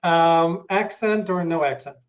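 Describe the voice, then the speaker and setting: A man hosting an interview, asking questions and sharing his own experience in a thoughtful, halting way. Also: fairly high pitch, low-quality recording. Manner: thoughtful, halting, many fillers. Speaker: interview host. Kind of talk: casual interview.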